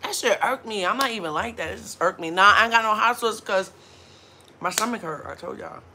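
A woman's voice: mid-range voice, lively intonation, fairly quick, pushed and bright, slight background noise. A woman hosting a mukbang livestream, ranting casually with blunt, profane talk and frequent laughs while hungover.

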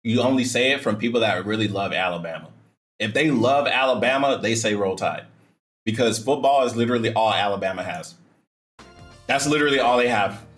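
A man's voice: mid-range voice, fairly quick, fairly bright tone, soft background music. A man hosting a reaction video, rambling and joking in casual commentary. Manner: joking, rambling, breaks into laughs.

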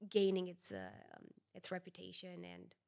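A young woman chatting as an interview guest, telling anecdotes in a lively, conversational way. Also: fairly low pitch, moderate pace, creaky. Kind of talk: casual interview chat.

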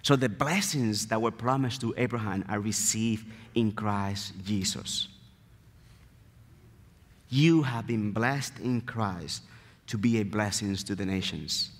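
Dominican-accented preacher in a reverberant church. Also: male voice, on the low side, takes it slowly. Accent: Dominican Spanish. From Dominican Republic. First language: Spanish. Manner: earnest, emphatic, repeats key phrases. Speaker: guest preacher. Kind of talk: sermon. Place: church sanctuary.

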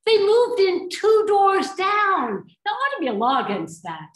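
A feisty widow, grieving and plotting revenge, played by a woman in a stage play. Her voice is high and swings widely, sharp and indignant. The room echoes around her. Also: huge pitch swings, unhurried, heavily acted. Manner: indignant, wry, emotional. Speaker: stage actor.

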